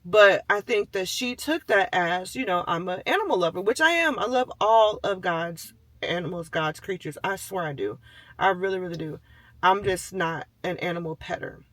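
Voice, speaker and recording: A man's voice: high-pitched, lively intonation, normal speed, sharp tone, dry recording. A man telling a personal story in a casual, chatty way, full of "like" and "you know", and acting out the voices of people and animals as he goes.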